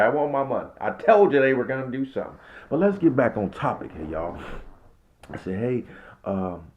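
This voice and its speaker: A man who works as a restaurant server, telling a story in a casual vlog, swinging between loud and hushed and acting out the quotes. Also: mid-range voice, muffled recording.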